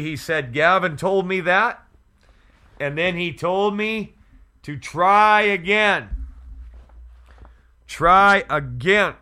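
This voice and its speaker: Slow, bright-voiced pastor man. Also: on the high side. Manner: slow, earnest, emphatic storytelling. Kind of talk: storytelling testimony.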